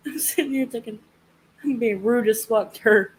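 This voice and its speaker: A woman's voice: a little high, normal speed, pauses often, low-quality recording. A young woman telling a story in casual chat, swearing freely and laughing often. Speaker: live chat host.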